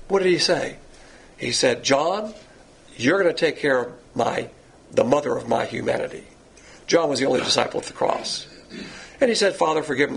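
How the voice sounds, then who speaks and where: A man's voice: high-pitched, creaky, slightly rough. A man preaching a sermon with an emphatic, repetitive delivery that rises and falls.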